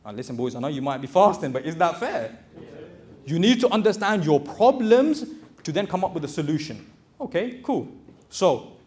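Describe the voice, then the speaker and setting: A man's voice: a little high, a little mellow. A man giving a motivational talk to a live audience, speaking conversationally and calling out to the crowd with slang.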